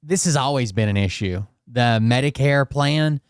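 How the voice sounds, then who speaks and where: Man, casual reaction commentary, blunt, profane, smooth voice, dry close mic. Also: medium pitch, normal speed, dry recording. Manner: blunt, profane, with frequent restarts.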